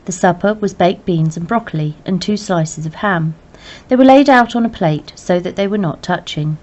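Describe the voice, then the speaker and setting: A woman reading a novel aloud in plain, measured first-person narration. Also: lowish voice, darkish tone. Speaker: reader. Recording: dull lo-fi recording.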